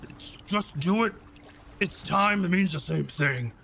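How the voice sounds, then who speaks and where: A man's voice: high voice, lively intonation, measured pace, vocal fry, bright, forceful tone, a little hiss or hum, voice pushed up, heavily acted. A man voicing an argumentative bugbear crewman who sounds exasperated. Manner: arguing, exasperated.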